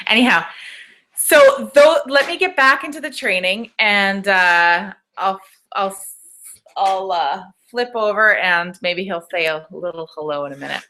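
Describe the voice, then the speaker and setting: A woman's voice: mid-range voice, measured pace, sharp tone, slight background noise. A woman business coach leading a live webinar training, speaking in a motivational way, asking rhetorical questions and often checking in with "okay?".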